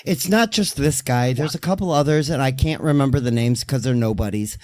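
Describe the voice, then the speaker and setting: A man co-hosting a podcast, ranting loudly and swearing, then talking himself down. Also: mid-range voice, brisk. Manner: loud, profane, ranting, then calming down. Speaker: podcast co-host. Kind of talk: profane podcast banter.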